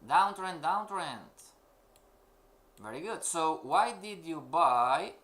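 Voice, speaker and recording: A man's voice: on the high side, animated, slow, fairly bright tone. A man teaching a live-streamed trading class, emphatic and questioning, repeating his points to the students. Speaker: forex trading instructor.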